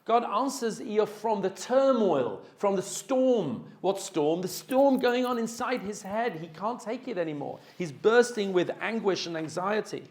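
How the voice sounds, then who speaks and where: High-voiced rabbi lecturing in an echoey room. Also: male voice, measured pace, few pauses. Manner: reads Hebrew verses and translates them line by line; animated, asks the class questions. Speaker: rabbi teaching a class. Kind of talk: Torah lecture. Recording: roomy echo.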